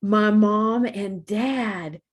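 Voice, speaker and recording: Storybook dog, gentle and timid, read by a woman; soft, slow, faintly husky. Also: mid-range voice. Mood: earnest. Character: gentle timid male dog, kind-hearted.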